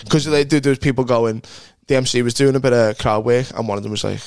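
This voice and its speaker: A man's voice: medium pitch, fairly even intonation, smooth, no echo. A man with a Liverpool accent, a comedian telling sweary stories in casual podcast chat. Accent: Scouse. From Liverpool, England. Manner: swearing, storytelling, quick anecdotes.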